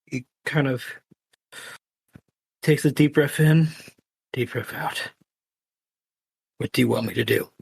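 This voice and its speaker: A man playing a tabletop role-playing game, describing his character's actions in short, low-key lines. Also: slow, creaky, long pauses, breathy edge, no room sound. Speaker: player.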